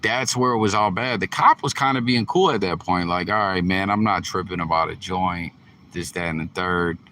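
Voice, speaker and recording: A man's voice: sits low, moderate pace, pushed and bright, slight background noise. A man hosting a show, giving rambling, profane reaction commentary and talking straight to his viewers. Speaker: host.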